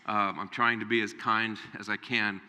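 A man preaching a Sunday sermon with a very bright, forceful voice. He talks straight to the congregation and jumps into a higher voice to act out Bible figures. His voice rings with the long reverb of a large hall. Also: normal speed, smooth. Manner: animated, acts out Bible figures in raised voice. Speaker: pastor.

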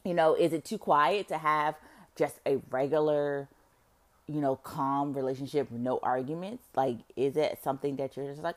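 A woman musing aloud to her viewers in a casual monologue, rambling with many fillers and swearing freely. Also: normal speed. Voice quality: expressive, swings between low murmur and loud outbursts. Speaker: vlogger.

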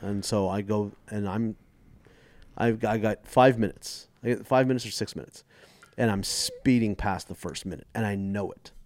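A comedian from the United States in his forties speaks at normal speed in a low voice. As a podcast guest in casual chat, he tells animated stories and mimics the voices of people he quotes.

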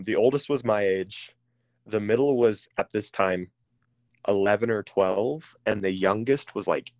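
Man, lowish voice, candid storytelling, halting with ums, dry close recording. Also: no echo. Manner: halting, with frequent ums and restarts. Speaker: guest sharing a personal story.

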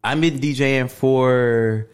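A young man hosting a podcast, bantering in an animated, slangy way with lots of laughs. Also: mid-range voice, slow pace, clear, resonant tone. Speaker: podcast host. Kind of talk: casual podcast chat.

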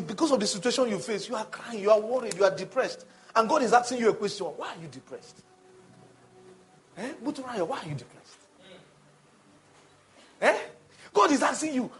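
A male preacher delivering a call-and-response sermon that builds to shouting. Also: very high voice.

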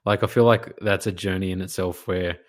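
Lower-voiced man in relaxed film banter. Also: brisk. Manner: playful, puts on voices for jokes. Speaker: podcast co-host. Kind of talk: casual film discussion.

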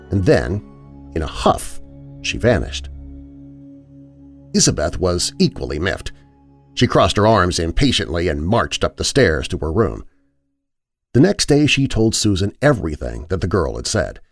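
A man narrating a scripted horror story in a dramatic, expressive way. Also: low voice, unhurried, long pauses. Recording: narration over music.

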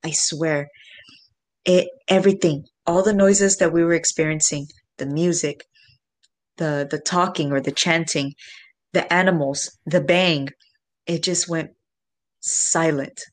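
A woman telling a story in casual chat, animated, swearing and speaking straight to the listeners. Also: low-pitched, unhurried, long pauses.

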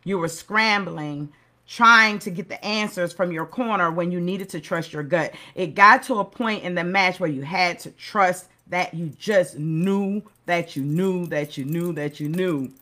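A woman's voice: fairly low pitch, unhurried, sharp tone. A middle-aged woman hosting a motivational segment, speaking earnestly in a preacherly way and repeating key phrases for emphasis. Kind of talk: motivational talk.

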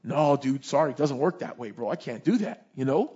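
A laid-back, greedy prophet mutters his schemes in a low, casual drawl, played by a man. The voice is husky. It sits on a dull, lo-fi recording. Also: expressive, fairly quick, mellow. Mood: scheming.

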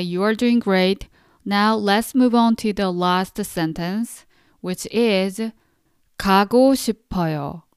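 Very smooth-voiced woman teaching patiently. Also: mid-range voice, darkish tone, no echo, clean studio sound. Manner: patient, encouraging, pronounces words slowly for repetition. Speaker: Korean language teacher. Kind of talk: podcast language lesson.

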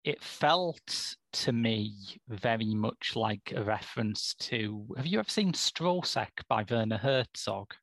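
Guy on a podcast, gravelly voice, dry close mic, wanders off and corrects himself. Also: fairly low pitch, lively intonation, slow, hardly any pauses, a bit bright, no echo. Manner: rambling, self-correcting, dry humor. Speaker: podcast co-host. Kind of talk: casual film chat.

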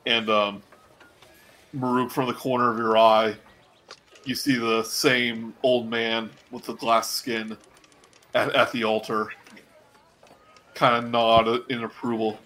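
A man runs a tabletop game as its game master, narrating at an unhurried pace. His voice is bright and mid-pitched, broken by frequent ums. Faint noise sits behind him. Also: level tone, low-quality recording. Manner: halting, many ums.

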